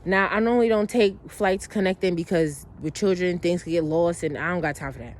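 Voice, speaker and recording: A woman's voice: on the low side, brisk. A woman telling a long personal story in a casual monologue, blunt and emotional, swearing freely and rambling with restarts and asides.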